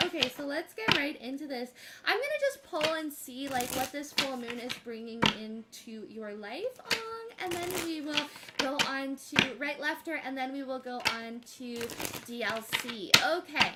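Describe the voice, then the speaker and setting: A woman's voice: sits high, animated, a little slow, heavy background noise. A woman giving tarot readings on a casual livestream, gushing and affectionate as she greets viewers. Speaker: tarot reader streaming live.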